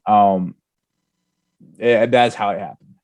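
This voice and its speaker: A man co-hosting a veterans' podcast, telling old army stories in a casual, animated way. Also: lowish voice, takes it slowly. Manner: storytelling, animated, with laughs. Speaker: podcast co-host.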